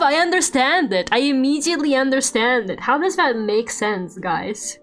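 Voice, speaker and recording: A woman's voice: high voice, expressive, normal speed, hardly any pauses. A woman streamer chatting casually while drawing, swearing freely and laughing often. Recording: faint background music.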